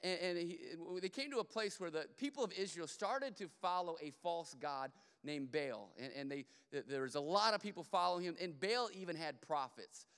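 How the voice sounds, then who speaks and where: A man's voice: high-pitched, lively intonation, normal speed, few pauses, a bit bright, smooth. A man preaching a sermon as pastor, telling a Bible story in a casual way with playful asides, recorded in a church sanctuary. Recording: long church hall reverb.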